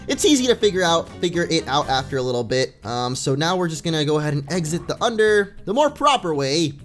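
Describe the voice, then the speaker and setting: In this let's play, a young man's high, fairly bright voice delivers casual, chatty commentary that wanders as he reads game text out loud. Game music plays faintly behind him.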